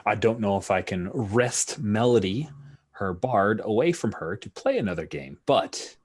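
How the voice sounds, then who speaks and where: A man narrating a tabletop role-playing game as game master, animated and often laughing. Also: lowish voice, a little slow.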